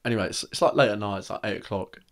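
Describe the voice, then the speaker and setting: A man's voice: lowish voice, very fast. A young man co-hosting a podcast, telling a story in casual, slangy chat with lots of laughter. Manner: animated, laughing, slangy, acts out voices. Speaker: podcast co-host.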